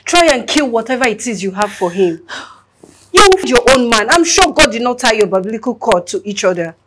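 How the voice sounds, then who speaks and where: A woman's voice: on the high side, sing-song, brisk, background noise. An actress playing a blunt friend who insistently lectures another woman. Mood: scolding. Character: blunt scolding female friend. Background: music.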